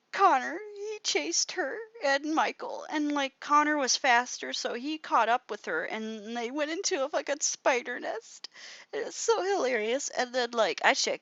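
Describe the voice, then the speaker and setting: A young woman rambling through a story while she draws on a livestream, full of fillers and swearing, sometimes muttering softly to herself. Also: high-pitched, dry recording. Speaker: artist livestreaming while drawing. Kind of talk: casual rambling livestream commentary. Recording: slightly dull lo-fi mic, dry.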